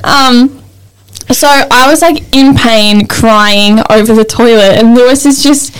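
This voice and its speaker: A young woman co-hosting a podcast, telling a story in casual chat, animated and full of fillers. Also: fairly high pitch, takes it slowly, smooth, poor audio. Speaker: podcast co-host.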